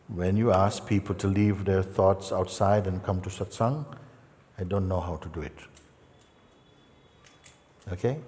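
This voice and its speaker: A man, a spiritual teacher, giving a gentle, playful satsang talk with soft asides. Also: low-pitched. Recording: long hall reverb.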